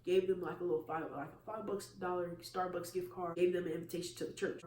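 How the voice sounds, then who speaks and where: A man's voice: high voice, slight background noise. A man vlogging a personal faith testimony, earnest and confessional in tone. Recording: echoey room from a distance.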